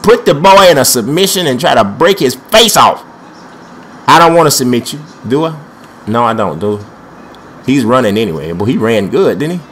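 A man's voice: mid-range voice, very animated, normal speed, a bit bright. A young man giving panicky, trash-talking commentary while playing a wrestling video game, with speech. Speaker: gameplay commentator. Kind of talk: excited let's-play commentary.

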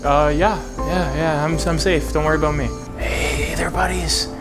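Goofy high-voiced young gamer. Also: male voice, steady tone, normal speed, loud music behind the voice. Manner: goofy, playful, swears casually. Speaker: gaming video creator. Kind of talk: playing a VR game on camera, joking commentary.

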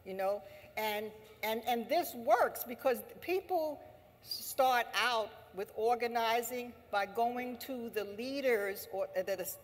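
A woman labor leader giving an impassioned assembly speech, emphatic and repetitive, rising to forceful exhortation. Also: a little high, takes it slowly. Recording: long hall reverb.

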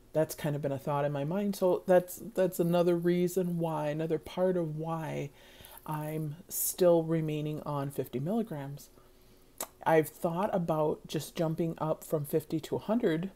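Middle-aged woman, vlogger; earnest, rambling delivery, low mellow voice, unhurried. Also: steady tone. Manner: earnest, rambling, heartfelt, many fillers. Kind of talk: casual personal vlog.

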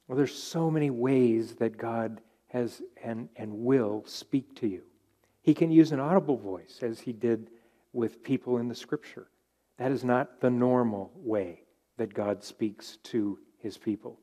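A man's voice: medium pitch, a little slow, dark tone. A man teaching a Bible study as a pastor, earnest and repeating key phrases for emphasis.

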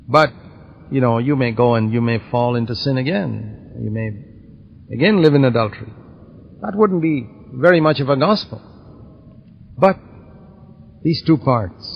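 A man teaching a Bible lesson in a measured, explanatory way, using everyday illustrations. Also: fairly high pitch, creaky, husky. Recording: slightly dull audio, faint background hiss.

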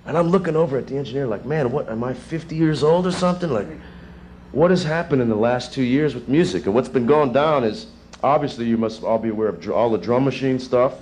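A man in his thirties, a session drummer, answering students' questions in a rambling, animated way with chuckles, in a music school classroom. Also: mid-range voice, fairly quick, a little hiss or hum. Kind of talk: casual Q&A with students.

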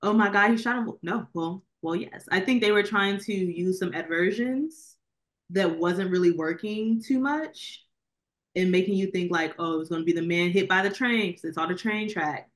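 A woman's voice: lowish voice, moderate pace. A woman co-hosting a podcast, chatting casually about a film she reviewed, rambling with lots of fillers. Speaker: podcast co-host. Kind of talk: casual movie review chat.

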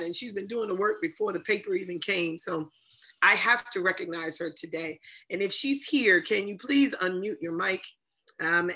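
A woman's voice: mid-range voice, sharp tone. A woman hosting an online ceremony, effusive and full of thanks, with many fillers. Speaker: ceremony host. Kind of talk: emotional ceremony hosting on a video call.

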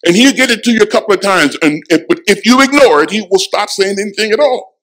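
A man preaching a sermon as pastor in a church, emphatic, dropping to a hush and rising again, repeating lines for effect. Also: sits high, expressive, fast talker, rough recording. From Florida. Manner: emphatic preaching, swings from hushed to loud. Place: church sanctuary.

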